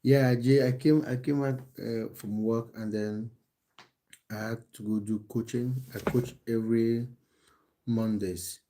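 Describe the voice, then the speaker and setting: A man's voice: medium pitch, fairly even intonation, measured pace, dark tone, a little hiss or hum. A man, a football coach, chatting casually on a live stream from his phone at home, answering viewers with many restarts and fillers. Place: at home in England.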